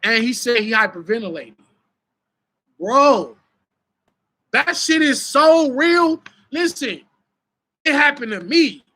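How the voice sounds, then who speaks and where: A young adult man who is a battle rapper, hosting a live stream with casual, profane, animated storytelling. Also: very high-pitched, slow, pauses often.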